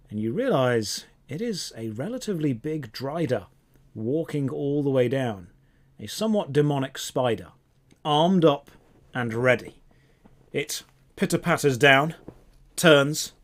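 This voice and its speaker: Guy gm narrating a d&d oneshot, slow vivid descriptions, regular mid pitch. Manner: descriptive, drawn-out storytelling. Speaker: game master. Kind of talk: narrating a tabletop game.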